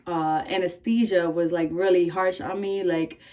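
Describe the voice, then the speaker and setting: A young woman vlogging, casually telling a story in a candid, profane, animated way, full of "like" fillers. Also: lowish voice, moderate pace.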